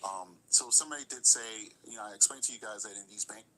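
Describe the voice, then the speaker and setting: Bright-voiced man explaining on a stream. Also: fairly low pitch, quick pace, a little hiss or hum, rough recording. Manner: explanatory, repeats points for emphasis. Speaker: commentary host. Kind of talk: live-stream reaction commentary.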